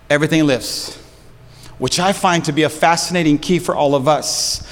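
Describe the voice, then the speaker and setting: A man's voice: sits high, fairly bright tone. A man preaching a sermon as pastor, storytelling in casual slang and with animation. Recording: long hall reverb.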